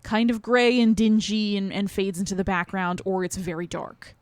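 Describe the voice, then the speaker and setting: A woman's voice: mid-range voice, moderate pace, no room sound. Woman podcast cohost, laid back movie chat, lots of likes and ums, dry close sound. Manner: relaxed, talks in loose run-on thoughts with many fillers. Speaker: podcast co-host. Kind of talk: casual movie discussion.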